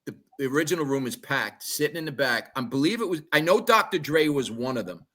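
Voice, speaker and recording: A middle-aged man hosting a podcast, spinning old stories in an animated, rambling way over a video call. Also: mid-range voice, fairly quick. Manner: animated raconteur, many restarts. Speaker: podcast host. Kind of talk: casual storytelling.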